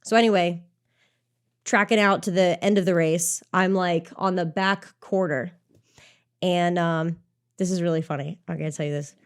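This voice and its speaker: Animated, swearing woman telling a race story. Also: on the low side, moderate pace, clear, resonant tone. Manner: animated, swears freely, heavy use of "like". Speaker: obstacle course racer and coach. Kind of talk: casual podcast storytelling.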